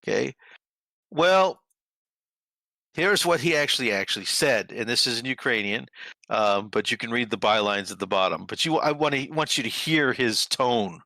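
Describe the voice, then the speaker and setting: Sarcastic man, bright dry voice. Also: mid-range voice, expressive, brisk, no room sound. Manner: sarcastic, emphatic, scornful. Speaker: political commentary host. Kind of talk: scripted-free commentary over news clips.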